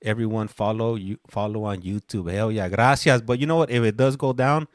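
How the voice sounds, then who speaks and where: A man's voice: lowish voice, steady tone, brisk, no echo. A man hosting a live show, chatting in a laid-back, slangy way with many fillers and some Spanish mixed in. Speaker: podcast host. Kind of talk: casual live-stream chat.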